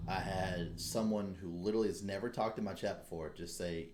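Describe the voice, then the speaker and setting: A young man with a fairly low voice hosts a casual podcast chat. He talks bluntly, swears constantly and slides into fired-up rants. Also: fairly even intonation, a little fast, hardly any pauses, noisy background. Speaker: podcast host.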